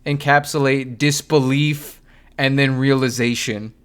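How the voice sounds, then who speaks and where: A man's voice: medium pitch, steady tone, measured pace, smooth. A young man hosting a podcast, telling a story in casual chat, swearing and laughing, acting out what people said. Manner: laughing, swearing, acts out quotes. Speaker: podcast host.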